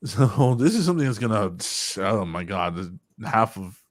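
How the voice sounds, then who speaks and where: A man's voice: fairly low pitch, big pitch swings, normal speed, dry recording, clean studio sound. A man in his forties hosting a casual podcast chat, rambling and swearing often, with frequent laughs. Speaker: podcast host.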